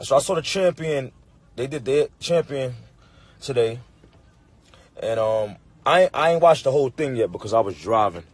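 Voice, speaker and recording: A young man ranting into his phone in an emphatic, repetitive, profane way, working himself up to loud outbursts. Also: medium pitch, animated, moderate pace. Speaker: battle rapper on a livestream. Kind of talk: heated casual rant.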